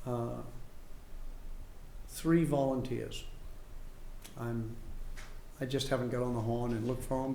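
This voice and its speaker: A man gives an unscripted report at a town meeting, slow and halting, with many fillers. His voice is gravelly and mellow. He is heard in a roomy hall over a faint hum. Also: mid-range voice. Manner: halting, full of fillers and restarts. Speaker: former town selectman giving a report. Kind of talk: informal spoken report at a public meeting. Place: town office meeting room. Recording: echoey room, faint hum.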